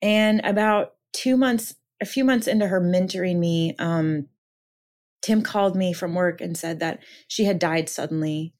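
A woman's voice: on the low side, measured pace, a little mellow. A woman, an author and counselor from Minnesota, telling her own story as a podcast guest in an earnest, reflective way. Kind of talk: personal testimony in conversation.

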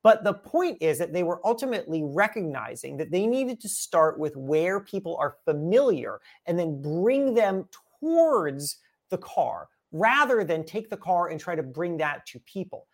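A man's voice: high-pitched, big pitch swings, normal speed. A man, a guest author, telling a story in a casual chat with lots of energy, repeating and restarting words.

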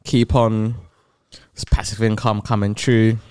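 A man's voice: on the low side, little pitch movement, measured pace, a little mellow, clear, resonant tone, no room sound, studio quality. A young man, a podcast guest talking in blunt, offhand, slang-heavy casual chat.

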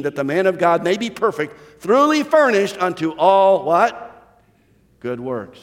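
Male pastor, higher voice, emphatic sermon delivery, echoing sanctuary. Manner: preaching with rising emphasis and rhetorical questions.

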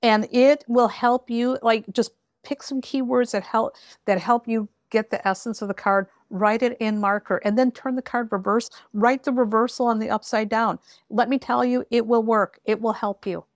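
A woman's voice: on the high side, fairly even intonation, normal speed, no echo, studio quality. A woman tarot reader talking bluntly and emphatically, giving frank advice in a podcast conversation. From rural area.

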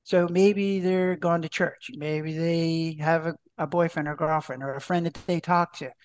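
A man's voice: on the high side, steady tone, measured pace, clear, resonant tone. A man, a doctor and author, answering podcast interview questions in a chatty way, full of restarts and acted-out dialogue.

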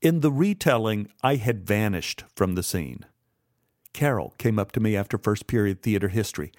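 A man's voice: on the low side, animated, darkish tone, dry recording, clean studio sound. Wry man in his sixties narrating. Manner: wry, measured storytelling. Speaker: memoir narrator. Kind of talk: scripted memoir narration.

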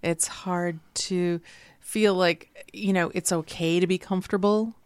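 Reflective woman podcast co-host, low voice. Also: fairly even intonation, a little mellow, clean tone, no room sound. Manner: reflective and earnest, slowing on key phrases. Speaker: podcast co-host and wellness practitioner. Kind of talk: casual conversational podcast.

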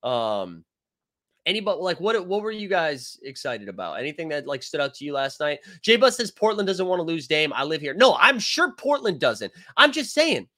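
Man, bright voice, a bit high, casual live-stream host, rambling, jokey, reads chat comments. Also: big pitch swings, normal speed. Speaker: sports show host reading live chat.

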